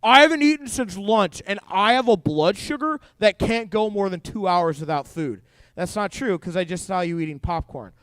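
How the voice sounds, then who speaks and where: Young guy youth pastor, high clear voice, goofy joking sermon for teens, dry close sound. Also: moderate pace, no echo. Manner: jokey, animated storytelling to teens.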